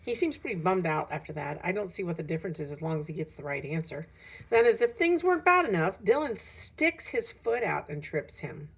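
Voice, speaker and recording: Husky-voiced woman reading a children's story. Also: on the low side, fairly quick. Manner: lively, animated storytelling with rising emphasis. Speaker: audiobook reader. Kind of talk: expressive reading of a children's novel.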